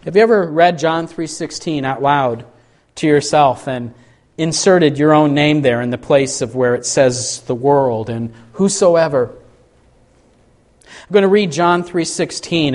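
A man preaching a sermon, speaking earnestly and reading scripture with dramatic emphasis. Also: mid-range voice.

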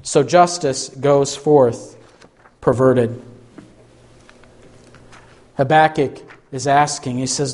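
A man preaching a sermon, slow and emphatic, pleading through rhetorical questions. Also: on the high side, lively intonation, darkish tone. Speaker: pastor.

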